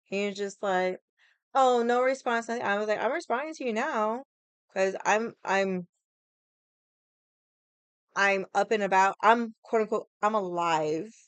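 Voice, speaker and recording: A woman's voice: medium pitch, unhurried, pauses often, smooth, no room sound. A young woman hosting a casual livestream, ranting in a sassy, profane, rambling way and greeting viewers. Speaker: livestream host.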